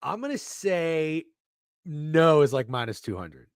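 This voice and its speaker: A man's voice: on the high side, sing-song, measured pace, smooth, dry recording, studio quality. A young man co-hosting a casual sports betting show over a video call, joking and swearing while fussing with his camera. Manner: profane, joking, flustered by camera trouble. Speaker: podcast co-host.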